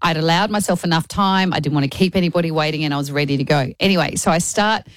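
A woman co-hosting a radio show, telling a story in an animated, rambling way from the studio. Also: low-pitched, fast talker, no room sound. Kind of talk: breakfast radio chat. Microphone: studio microphone.

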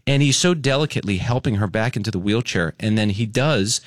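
A man's voice: lowish voice, brisk, no echo, studio quality. A man hosting a radio show, telling a story in a casual, emphatic way. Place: radio studio.

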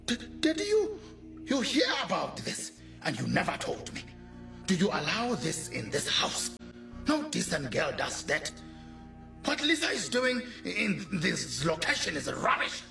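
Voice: medium pitch, wildly swooping pitch, a little slow, creaky, roomy sound, full character voice. A performer playing a stern, proud middle-aged father, angry and lecturing. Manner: angry, lecturing, shouting bursts. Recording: distant mic, faint music.

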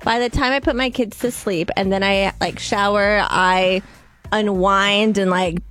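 A woman's voice: mid-range voice, steady tone, a little slow, a bit bright, faint music behind. A woman and mother in a casual group chat, talking in a rambling way and answering with dry sarcasm. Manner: chatty, full of "like", dry sarcasm.

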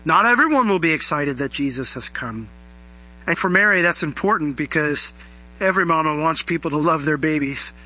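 A man's voice: fairly high pitch, expressive, a little fast, pushed and bright, rough recording. A male pastor giving a conversational sermon, acting out little bits of dialogue as he explains scripture.

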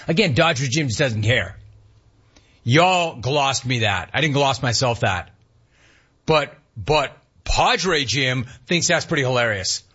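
Husky animated sports radio host, man. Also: mid-range voice, highs cut off. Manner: animated, laughing, mock outrage. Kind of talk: sports talk radio monologue.

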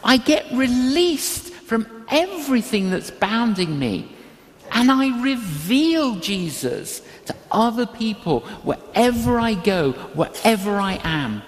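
An older preacher gives a sermon slowly and deliberately, repeating key phrases for weight. The pitch swings widely as the story unfolds. A long hall reverb trails every line. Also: sing-song. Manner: emphatic, repetitive, slow delivery.

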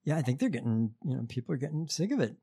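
A man hosting a podcast, talking casually and profanely about politics, halting with many fillers and restarts. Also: medium pitch, big pitch swings, creaky, warm tone, breathy edge. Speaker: podcast host.

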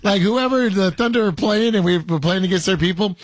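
A man's voice: high-pitched, fairly quick. A middle-aged man co-hosting a casual sports podcast, rambling and self-interrupting as he talks, laughing often. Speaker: podcast co-host.

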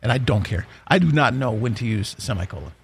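A man's voice: medium pitch, lively intonation, quick pace, a little hiss or hum. A man hosting a morning radio show, chatting casually in a rambling, jokey way with frequent restarts. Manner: rambling, self-correcting, jokey.

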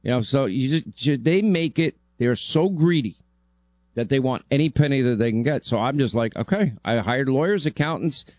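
A man's voice: mid-range voice, moderate pace, darkish tone, no room sound. A man hosting a talk radio show, talking bluntly and joking around with a guest.

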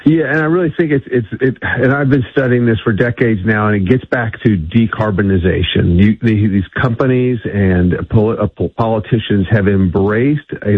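A man's voice: fairly low pitch, husky, dry recording. A man being interviewed on the radio over the phone, talking emphatically and often restarting his sentences. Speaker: energy policy guest. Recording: tinny phone line.

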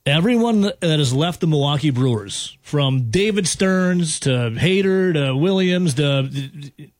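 A man's voice: fairly high pitch, lively intonation, no echo, clean studio sound. A man hosting a sports radio show, teasing and joking in casual banter with his co-host and a caller. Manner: joking, teasing, quick asides. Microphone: studio microphone.

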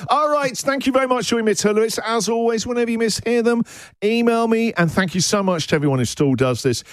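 A man's voice: very high-pitched, quick pace, no room sound, clean studio sound. A man hosting a radio show, chatting playfully and laughing often. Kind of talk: casual radio banter. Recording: background music under the voice.

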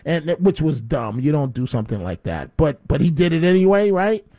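A male radio host with a higher voice tells a story with animated energy. He acts out his own shouts as he talks. The sound is dry and close, from a studio microphone. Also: fairly quick, no room sound. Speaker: radio talk show host. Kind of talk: call-in radio talk.

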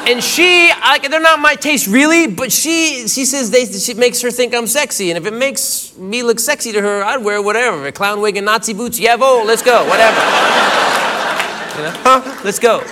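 A man doing a stand-up routine, telling an animated story and acting out the voices in it. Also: extremely high pitch, moderate pace. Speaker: stand-up comedian. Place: comedy club stage. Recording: loud crowd and noise of a club. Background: loud laughing audience.

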